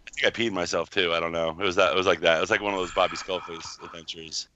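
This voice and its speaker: A man's voice: sits low, steady tone, rapid-fire, muffled recording, a crowd in the background. A man co-hosting a podcast, telling rambling stories in casual chat. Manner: rambling, laughing storyteller. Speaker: podcast co-host.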